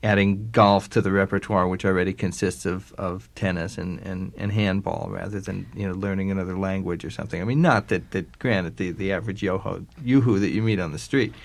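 A man conducts an interview in a low voice. He stops and restarts his sentences often, circling around his point before he gets there. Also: fairly even intonation, vocal fry. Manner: halting, many restarts. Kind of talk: radio interview.

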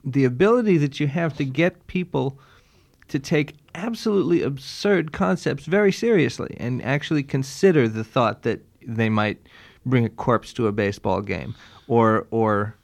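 Gravelly wry male interviewer. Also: mid-range voice, normal speed. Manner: hesitant, wry. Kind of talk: casual interview.

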